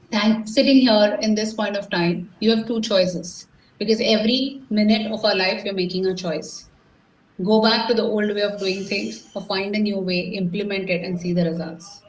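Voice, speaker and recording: A woman's voice: mid-range voice, a little hiss or hum. A middle-aged woman with an Indian accent, giving a live motivational sales seminar and firing rhetorical questions at the audience. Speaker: sales coach. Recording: echoey room, distant mic, faint ambience.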